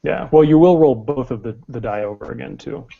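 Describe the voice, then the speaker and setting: A man's voice: mid-range voice, brisk, creaky, phone-quality sound, heavy background noise. A man acting as game master, explaining the rules step by step with many fillers. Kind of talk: running a tabletop game.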